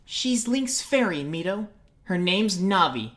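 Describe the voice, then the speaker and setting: A woman's voice: mid-range voice, animated, normal speed, voice pushed up, natural voice. A woman voicing a kind but firm young forest girl in a storybook reading. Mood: warm. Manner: warm, stern when crossed.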